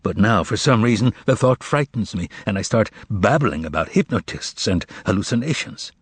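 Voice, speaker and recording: A man's voice: lowish voice, lively intonation, normal speed, slightly rough, no room sound. A man voicing a weary, troubled writer who speaks firmly, with a wry, resigned edge, in an audiobook. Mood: uneasy.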